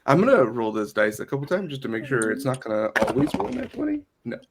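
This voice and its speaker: A man's voice: mid-range voice, sing-song, quick pace, vocal fry, background noise. A man playing in a tabletop game, chatting and laughing with enthusiasm. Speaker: player. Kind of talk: casual chat at a game table.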